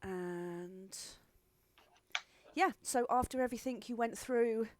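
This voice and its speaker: A woman's voice: fairly high pitch, takes it slowly, no echo. Woman, game master, casual narration, dry recording. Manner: chatty, with frequent fillers.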